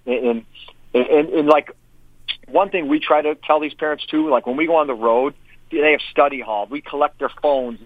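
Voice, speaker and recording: A man talks hockey in quick, loose sentences that he keeps restarting. His mid-pitched voice comes through a tinny, phone-like line, and the sound is dry. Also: no room sound. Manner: fast, rambling, restarts sentences. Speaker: hockey coach and guest. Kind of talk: casual hockey chat.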